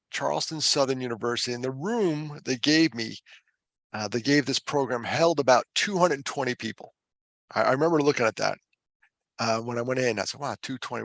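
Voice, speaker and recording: A man with a middle-pitched, gravelly voice tells his story conversationally, mixing self-deprecating jokes with earnest, emphatic points. The sound is dry and close. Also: dry recording. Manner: animated, self-deprecating humor with laughs; earnest and emphatic when driving a point home. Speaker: foundation director and suicide prevention speaker.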